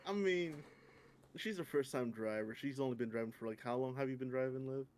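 A man's voice: medium pitch, a little fast, darkish tone, a little hiss or hum. A young man co-hosting a podcast in casual chat, with laid-back, slangy banter.

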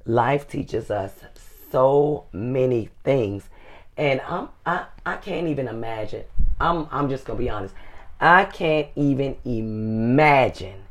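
Co-hosting a casual advice show, a middle-aged woman speaks in a very deep, animated voice. She's folksy, slow and drawn out, and calls people "honey" again and again.

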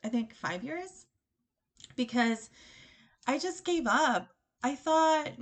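A young woman with a slightly high voice hosts her own podcast, recounting a personal story into a desk microphone. She chats casually and animatedly, piling on fillers and quoted dialogue. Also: animated, slow, pauses often. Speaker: podcast host.

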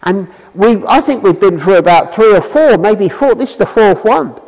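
A man's voice: high-pitched, lively intonation, moderate pace, darkish tone. A man giving an informal, chatty sermon and asking his listeners questions. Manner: chatty, asks the audience questions. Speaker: preacher. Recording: long reverb in a hall.

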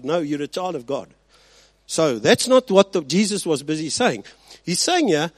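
A man preaching with a lively, swooping delivery, leaning hard into emphasis and then dropping to quiet asides. His voice sits a little high for a man and sounds close and dry. He keeps checking in with the congregation. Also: moderate pace, no room sound. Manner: animated preaching, swinging between loud emphasis and quiet asides; rhetorical check-ins with the congregation. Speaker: pastor. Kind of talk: sermon.

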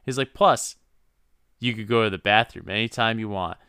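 A man's voice: lowish voice, normal speed, pushed and bright, clear, resonant tone, dry recording, clean studio sound. A man co-hosting a casual comedy podcast, laid-back and chuckling, with playful asides. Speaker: podcast co-host.

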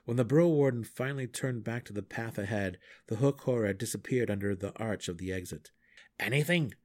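A man reading a fantasy novel aloud in steady, measured storytelling. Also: fairly low pitch. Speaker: audiobook reader. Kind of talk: fan audiobook narration.

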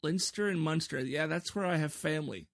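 Hosting his podcast by himself, a man talks fairly quickly in a slightly high, raspy voice, rambling casually, putting himself down, and tripping over words. The recording is dry and close-up, with no room sound at all.

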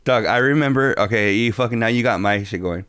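A man in his thirties co-hosting a podcast, telling a crude story in excitable, profane casual chat. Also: on the low side, a little fast, smooth, dry recording. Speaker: podcast co-host.

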